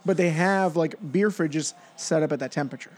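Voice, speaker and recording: A man co-hosting a casual beer review chat, opinionated and quick to laugh. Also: a little high, darkish tone. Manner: chatty, opinionated, laughs often.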